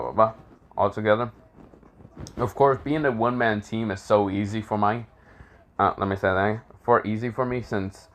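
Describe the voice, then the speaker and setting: A man's voice: lowish voice, a bit bright. A man casually improvising a fan-fiction story aloud, rambling with fillers and restarts and swearing freely.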